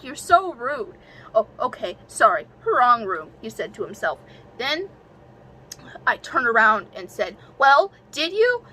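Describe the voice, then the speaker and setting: A young woman reads her own childhood story aloud at an unhurried pace, stumbling and restarting, and keeps breaking off for self-mocking, giggly asides. Her voice is bright and sits a little high. A faint noise hangs behind her. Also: low-quality recording.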